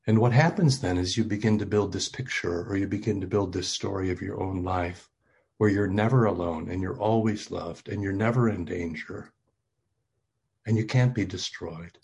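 A man giving an informal sermon as a bedtime story, talking in a halting, conversational way with many fillers, gentle and reflective. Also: low voice, husky. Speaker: preacher.

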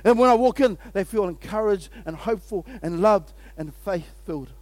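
A man with a strikingly high voice delivers a sermon as pastor. He is energetic and exclamatory, calling out to his listeners and breaking into laughter. The sound is dry with no room echo. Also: moderate pace. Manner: energetic and exclamatory, often laughing, calls out to the audience.

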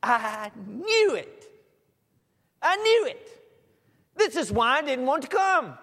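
A preacher voicing a whiny, resentful prophet who complains loudly. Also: male voice, very high-pitched, very animated, slow pace, in a large hall, pitched above the performer's own voice, heavily acted. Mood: whining.

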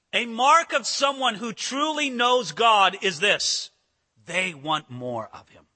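A man preaching a sermon earnestly, building to emphatic passages and dropping to soft asides. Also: high voice, big-room sound. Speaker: pastor.

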